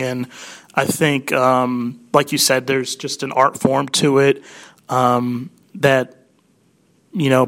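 A young man hosts a casual radio interview. His voice sits at an ordinary pitch for a man. He talks with eager enthusiasm and stumbles through frequent ums and restarts. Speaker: radio show host.

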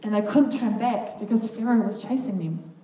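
A woman reading a children's Bible story aloud to a group, with earnest, expressive comments between passages. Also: mid-range voice, moderate pace. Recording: echoey room, far from the mic, faint noise.

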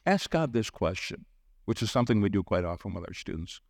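Middle-aged guy preaching, low voice, dry close sound, tells stories and jumps up when quoting people. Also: sing-song, brisk, creaky, dry recording. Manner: storytelling, acts out quoted voices with sudden lifts. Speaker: preacher on a church teaching team. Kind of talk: sermon with personal stories.

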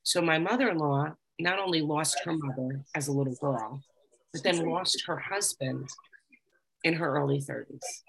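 Low, gravelly woman sharing her story. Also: moderate pace, fairly bright tone. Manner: candid, conversational, frequent fillers. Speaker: recovery group speaker. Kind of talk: personal testimony to a group.

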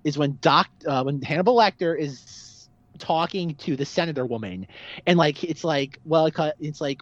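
A man's voice: fairly high pitch, moderate pace, no echo, muffled recording. A man co-hosting a casual film podcast, emphatic and repeating his points with many fillers. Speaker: podcast co-host.

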